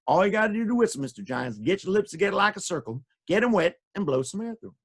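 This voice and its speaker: A clever storybook hero explains things in a friendly, easy way, as a male storyteller voices him. The voice has a lively range and a gravelly rasp. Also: sits high, fast talker, no room sound, studio quality, full character voice. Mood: helpful.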